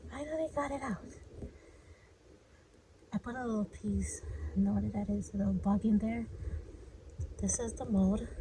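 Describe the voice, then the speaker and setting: A woman's voice: medium pitch, a little slow, pauses often, noisy background. A young woman narrating her craft project in a chatty, self-deprecating way, sometimes dropping to a whisper. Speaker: crafting vlogger.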